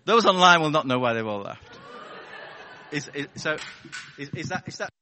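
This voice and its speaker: A man with a fairly high, sharp voice and lively intonation preaches at a moderate pace, wry and chatty, quizzing his live church-hall congregation with rhetorical questions. His wireless battery mic catches slight background noise, and the big hall adds long reverb.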